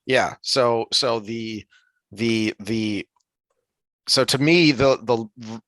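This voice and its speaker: Speaking very slowly in a mid-range, slightly bright voice, this male podcast co-host rambles through a casual talk about a fantasy book series. He restarts often and leans on fillers, and the recording is dry.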